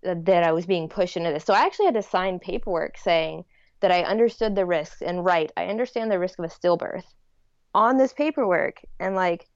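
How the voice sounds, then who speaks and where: Chatty woman with a gravelly voice. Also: medium pitch, darkish tone, no room sound, dull audio. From United States. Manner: chatty, lots of "like" and "um". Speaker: guest telling her birth story. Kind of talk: casual storytelling.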